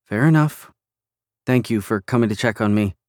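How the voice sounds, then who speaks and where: A man voicing a tired young woman recovering from an injury, speaking softly with thanks in an audiobook. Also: fairly low pitch, moderate pace, no room sound, clean studio sound, natural voice. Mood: grateful. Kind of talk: audiobook character reading.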